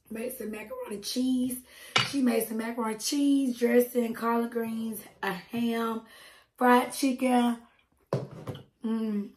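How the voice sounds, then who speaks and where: Hoarse Southern woman, deep voice. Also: darkish tone, slight background noise. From Alabama, US. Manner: chatty and affectionate, says y'all. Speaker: mukbang host. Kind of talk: casual eating-show chat.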